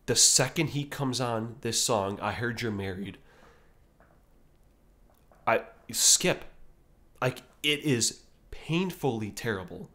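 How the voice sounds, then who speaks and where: A man reviews albums in a loose, unscripted ramble, dropping profanity and plenty of fillers as he goes. His pitch sits in an ordinary middle range. He talks at an unhurried, slow pace. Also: a bit bright. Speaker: music reviewer. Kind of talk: casual spoken album ranking.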